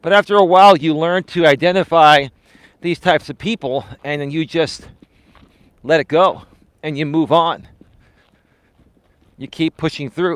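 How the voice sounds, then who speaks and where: A man's voice: on the high side, a little slow, long pauses, smooth. A man, a life coach, talking earnestly to viewers on a live stream while out walking, repeating himself for emphasis. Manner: earnest, repetitive, motivational, addresses viewers as folks. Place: outdoors, walking.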